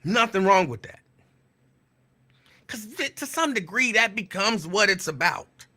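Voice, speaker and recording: Bright, forceful and high, with lively intonation, this radio host runs a casual call-in show full of teasing and laughter. He often says his lines twice, and now and then he carefully slows to read out a definition.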